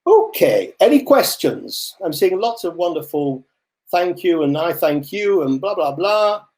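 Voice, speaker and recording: An older man presenting a webinar for learners, telling stories with lively, animated asides over a computer microphone. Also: a little high, unhurried.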